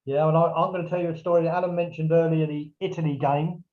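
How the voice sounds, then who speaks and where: A man tells a long casual anecdote as a podcast guest, bringing in other people's lines in lively, raised voices. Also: on the high side, fast. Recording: dull, lo-fi remote audio.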